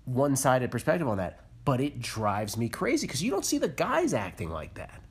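Male podcast co-host, husky voice with a lively swinging pitch, blunt and opinionated, swears freely. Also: normal speed. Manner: opinionated, swears, mimics people. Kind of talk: casual reality-TV recap chat.

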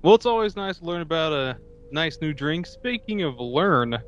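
A man's voice: on the high side, moderate pace, dull audio. A man co-hosting a casual podcast, swearing freely and acting out bits of a movie. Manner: animated, swears a lot, acts out movie lines. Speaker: podcast co-host. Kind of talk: casual chat.

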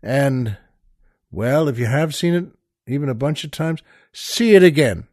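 Folksy older man spinning a slow yarn. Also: medium pitch, expressive, darkish tone, dry recording, studio quality. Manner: rambling, folksy, many "well" and "by the way" asides. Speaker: podcast host. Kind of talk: casual storytelling monologue.

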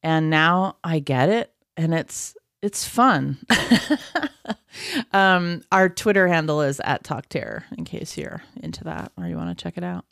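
A woman's voice: low voice, sing-song, a little slow, vocal fry, fairly bright tone, clear, resonant tone, no room sound, studio quality. A woman co-hosting a podcast, upbeat and chatty, laughing often. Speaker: podcast co-host. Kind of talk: casual chat.

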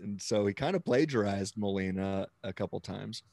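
A man's voice: on the low side, normal speed, vocal fry, darkish tone, no room sound. A man who is a Christian author and apologist, explaining ideas step by step as an interview guest and often checking in with "right?". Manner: explanatory, checks in with frequent "right?", steps through ideas with restarts. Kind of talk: conversational interview, explaining theology.

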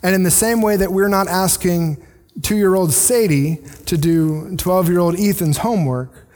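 A high-pitched male pastor with a darkish tone delivers a conversational sermon at a measured pace inside a church sanctuary. He frequently starts his sentences over and performs quoted voices.

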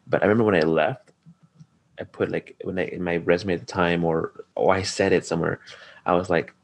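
A man's voice: low-pitched, steady tone, brisk, vocal fry. A man in casual chat, telling rambling, profane stories and acting out what people said. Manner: rambling, profane storytelling with acted-out quotes.

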